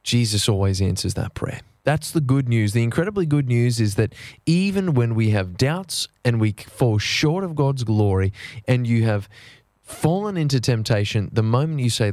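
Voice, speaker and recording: A man's voice: medium pitch, lively intonation, a little mellow, no room sound. Earnest male preacher, dry close sound. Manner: earnest, measured, slows down for emphasis. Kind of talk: sermon.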